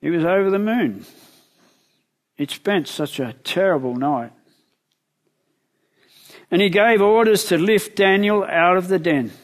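A man preaching a sermon, retelling a Bible story in lively words and asking the listeners questions. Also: sits high.

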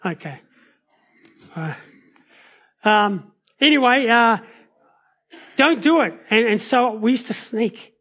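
A man preaches a sermon in a notably high voice. He tells stories in an animated way, shifting his pace and loudness as he goes. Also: slow, long pauses. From New Zealand. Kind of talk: sermon with personal storytelling.

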